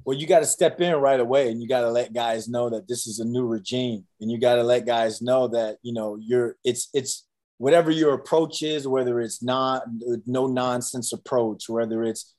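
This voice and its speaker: A man's voice: mid-range voice, normal speed. A man in his thirties, a former college football player, telling stories in a casual interview, acting out quotes with lots of fillers. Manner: animated storyteller, acts out quotes, many fillers.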